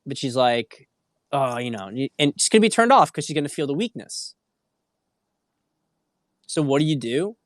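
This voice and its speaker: A man's voice: fairly high pitch, very animated, normal speed, long pauses, no echo, studio quality. A man hosting a dating livestream, speaking in an earnest, preachy way with frequent restarts. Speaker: dating coach. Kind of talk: livestream talk.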